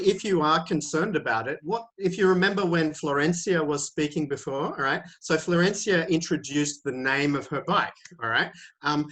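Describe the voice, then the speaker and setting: Man teaching over a video call. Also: on the high side. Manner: relaxed, thinks aloud with many fillers and restarts. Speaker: IELTS teacher. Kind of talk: explaining pronunciation in a webinar.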